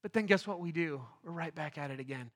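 A middle-aged man preaching a sermon as pastor, earnest and emphatic, slowing down to stress key phrases. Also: a little high, fairly bright tone.

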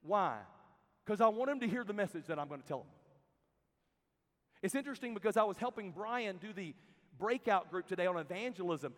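A high-pitched man preaches to a room of students, his voice ringing out with a long reverb tail. He tells stories, dropping to a hush and then building to loud, emphatic peaks. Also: lively intonation, brisk, pauses often. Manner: storytelling, swings from hushed to loud and emphatic. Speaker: youth camp speaker. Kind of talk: sermon. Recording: reverberant hall.

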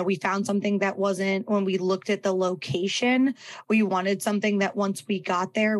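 A woman co-hosting a podcast in casual chat, talking in quick asides and acting out what people say. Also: medium pitch. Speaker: podcast co-host.

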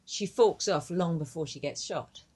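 A woman's voice: fairly low pitch, normal speed, a little mellow. A woman co-hosting a podcast, chatting casually about a TV episode, asking her co-host questions and swearing offhandedly. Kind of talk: casual chat about a TV show.

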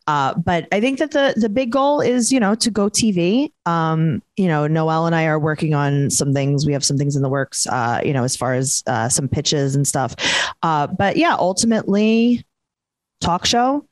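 A woman's voice: low-pitched, moderate pace, no room sound. Brash New York woman, dry sound. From Queens, New York. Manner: brash, chatty, trash-talking. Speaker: comedian and podcast host, guest. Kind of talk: casual interview chat.

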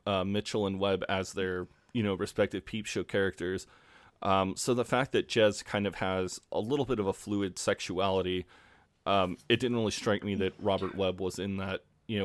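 A man's voice: fairly low pitch, no room sound. A man co-hosting a podcast in casual chat, speaking hesitantly with many fillers. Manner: hesitant, many ums and you-knows. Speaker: podcast co-host.

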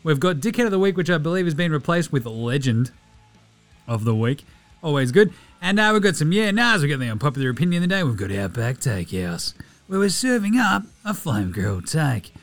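A man's voice: fairly high pitch, a little fast, faint music behind. Jokey Australian man hosting. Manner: jokey, irreverent, lively banter. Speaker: podcast host. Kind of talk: casual podcast chat and host-read ad. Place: podcast studio.

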